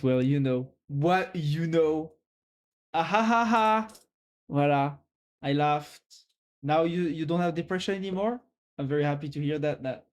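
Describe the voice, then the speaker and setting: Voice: mid-range voice, a little mellow. A streamer with a French accent, chatting casually on a live stream and teasingly giving a viewer a pep talk.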